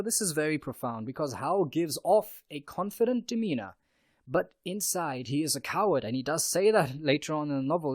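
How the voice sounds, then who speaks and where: A man's voice: fairly high pitch, a little mellow, dry recording, clean studio sound. A man hosting a podcast, discussing a novel in an earnest, discursive way with frequent restarts. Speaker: podcast host. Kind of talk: book review discussion.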